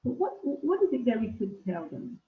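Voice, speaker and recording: A woman giving a webinar lecture as a teacher trainer, slowly asking questions and taking up answers from attendees. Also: a little high, big pitch swings. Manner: slow, questioning, reads out learners' answers. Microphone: video call. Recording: echoey, tinny video call.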